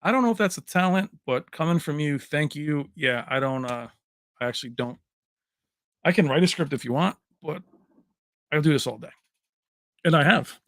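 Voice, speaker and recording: A man's voice: fairly high pitch, expressive, normal speed, pauses often, fairly bright tone, no echo, studio quality. A man hosting a casual tech livestream, chatting with viewers, answering their comments and laughing often.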